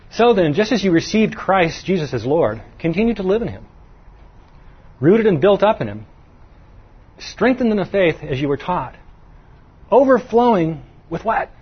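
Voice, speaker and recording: This preacher is a middle-aged man whose high, breathy voice comes through on dull-sounding audio. His sermon is chatty and down-home, full of questions for the congregation, and he lifts his voice whenever he wants to stress something.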